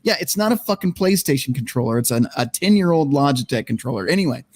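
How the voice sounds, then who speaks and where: Male panel-show host, mid pitch, loose and profane, reads headlines with laughing asides. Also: animated, quick pace, dry recording. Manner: profane, laughing, steers the talk back on topic. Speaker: podcast host. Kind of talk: casual panel chat, reading news aloud.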